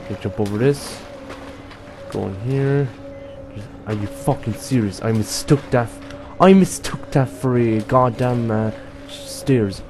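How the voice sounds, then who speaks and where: A man's voice: mid-range voice, measured pace, music in the background. A young man playing a horror game and commenting to viewers, jumpy and swearing often. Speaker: gaming youtuber. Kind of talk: let's play commentary.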